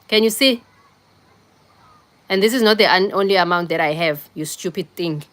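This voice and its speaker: A young woman with a lowish, slightly bright voice hosts a casual livestream on her phone, chatting bluntly with viewers and scolding people in the comments at a moderate pace.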